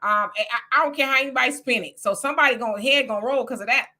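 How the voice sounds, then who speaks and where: Bright, high-voiced blunt woman commentator. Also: very fast. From California. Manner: blunt, colloquial, opinionated. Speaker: political commentator guest. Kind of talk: casual live-stream commentary.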